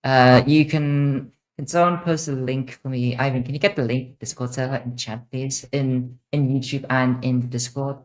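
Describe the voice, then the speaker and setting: A woman's voice: a bass voice, fairly even intonation, normal speed, few pauses. A young woman streamer hosting a casual Q&A, rambling and repeating herself with many fillers. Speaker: streamer host. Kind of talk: casual livestream Q&A.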